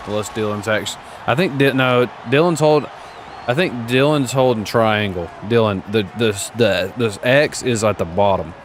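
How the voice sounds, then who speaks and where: A man's voice: lowish voice, a little hiss or hum. A man in casual gaming chat with friends, teasing and trash-talking, stumbling over his words now and then. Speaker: gamer streaming with friends.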